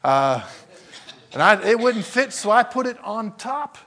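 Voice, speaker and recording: A man's voice: high-pitched, sing-song, unhurried, a bit bright. Man, older, from Arkansas, preacher, folksy storyteller, acts out scenes. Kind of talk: sermon storytelling.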